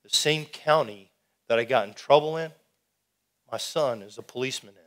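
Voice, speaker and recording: A middle-aged man giving an animated, folksy testimony sermon to a youth rally, calling out to the crowd. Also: medium pitch, moderate pace. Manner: animated, folksy, audience call-and-response.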